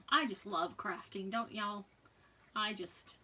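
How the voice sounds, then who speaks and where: Unhurried woman crafter, chatty with soft asides; distant mic. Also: mid-range voice, steady tone, slight background noise. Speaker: crafting demo host. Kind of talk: live crafting demonstration.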